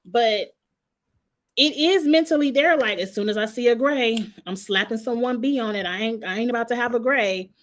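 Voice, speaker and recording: A woman's voice: fairly high pitch, a little fast, hardly any pauses. A woman. She recaps reality TV in loose, chatty commentary. She often turns to address the cast members directly with sassy, gossipy asides. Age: 40s. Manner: gossipy, sassy, talks straight to the people she discusses.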